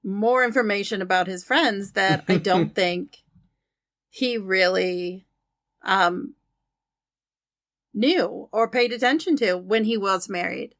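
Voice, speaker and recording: A woman's voice: medium pitch, takes it slowly, fairly bright tone, dry recording, clean studio sound. A woman co-hosting a podcast, chatting casually and agreeably as she recaps a film's plot in detail. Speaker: podcast co-host. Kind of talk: casual chat reviewing a film.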